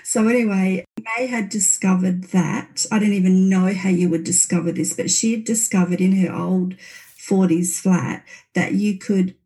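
A middle-aged woman telling a personal story in casual chat, animated and laughing, her voice climbing high as she relives a fright. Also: normal speed.

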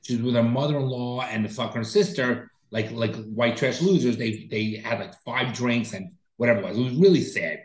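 A man's voice: mid-range voice, fairly quick, hardly any pauses, roomy sound, rough recording. A man co-hosting a podcast, telling a long story in a rambling, profane, casual way. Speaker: podcast co-host. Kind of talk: casual chat.

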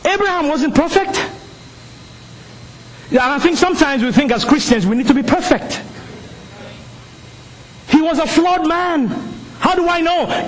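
Animated high-voiced male preacher. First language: not English. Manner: animated storytelling, rising to shouts. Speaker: pastor. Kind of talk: sermon.

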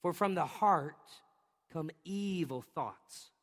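A man's voice: on the high side, slow. A man in his thirties preaching a sermon, telling a family story with lots of energy, laughing often and acting out the sounds his kids make. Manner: animated storytelling with bursts of acted-out sounds. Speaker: pastor. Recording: reverberant hall.

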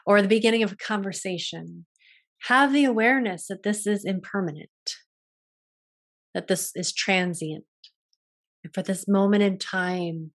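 A young adult woman talks alone as host of a wellness show, gentle and contemplative. She lingers over her thoughts and restarts her phrases often. Her pitch sits in a middle range for a woman. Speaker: yoga and wellness podcast host. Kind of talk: reflective solo talk.

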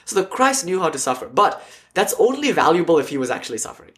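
A man with a fairly high-pitched voice speaks at a quick pace. He's a spiritual teacher giving a casual lecture to a class with an online audience, telling stories animatedly and acting out quotes.

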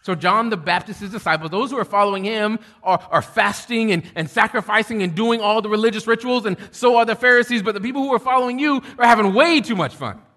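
A middle-aged man preaching a sermon, shifting between loud preaching and quiet storytelling. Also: high voice, fast talker, few pauses. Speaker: pastor. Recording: long hall reverb.

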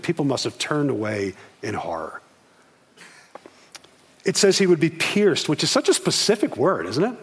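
A male pastor delivering a sermon, telling the story with animated quoted voices. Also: on the high side, husky.

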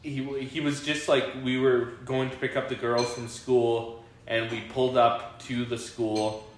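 A man hosting a podcast, chatting casually at a slow pace, rambling with lots of fillers and laughing often. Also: mid-range voice, little pitch movement. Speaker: podcast host. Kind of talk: casual chat. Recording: very echoey room, faint hiss.

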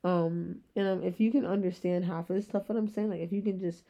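A young woman in her twenties hosting a solo podcast, rambling in very fast casual chat with a rough-sounding voice. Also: on the low side, fairly even intonation, warm tone. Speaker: podcast host.

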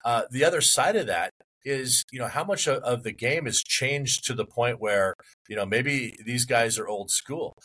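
A man's voice: medium pitch, lively intonation, normal speed, a bit bright, rough recording. A man co-hosting a sports podcast, rambling in casual chat and working himself into mock outrage. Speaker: podcast co-host.

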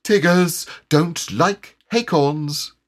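A man's voice: medium pitch, huge pitch swings, a little slow, husky, voice pushed up, exaggerated voice. A man voicing Tigger, a bouncy, boastful and cheerful male tiger in a storybook reading.

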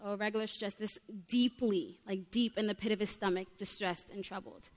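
A woman's voice: mid-range voice, fairly even intonation, moderate pace, slight background noise. A young woman preaching a sermon in a heartfelt, earnest way, often saying "like" between her thoughts. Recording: long reverb of a large hall.

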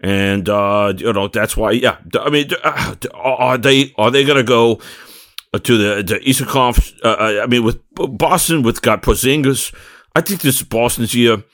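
A man's voice: mid-range voice, moderate pace, a bit bright, no room sound, studio quality. Guy stammering thru basketball predictions, ribbing his buddies, normal mid voice. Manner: stammering, teasing, restarts words. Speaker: sports talk panelist. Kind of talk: casual sports chat.

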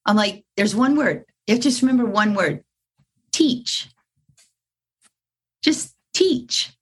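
A woman dog trainer talking in an interview, animated, acting out her dogs and students in quick voices. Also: medium pitch, husky. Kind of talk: conversational interview.

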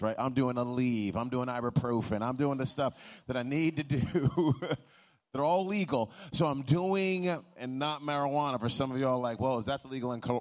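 A middle-aged man preaching a sermon, telling a humorous personal story full of restarts before building into a rhythmic preaching cadence. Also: mid-range voice. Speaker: pastor.

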